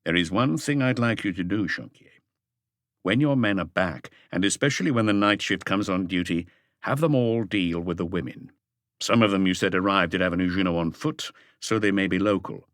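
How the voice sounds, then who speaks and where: A man voicing a calm chief inspector who gives orders in a measured, steady way. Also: low voice, dry recording, studio quality.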